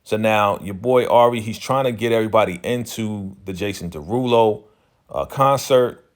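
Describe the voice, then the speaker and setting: A man's voice: fairly low pitch, normal speed. A man giving a casual, chatty recap of a TV episode, loose and full of slang and "you know" fillers. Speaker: TV recap channel host.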